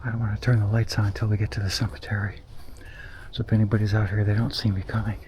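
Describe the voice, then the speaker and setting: Guy talking to himself out in snowy woods at night, mellow voice, jumpy and excitable, faint noise behind. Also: on the low side. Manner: excitable and jumpy, talks to himself, quick nervous laughs. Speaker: paranormal investigator, channel host. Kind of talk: solo night walk-and-talk narration.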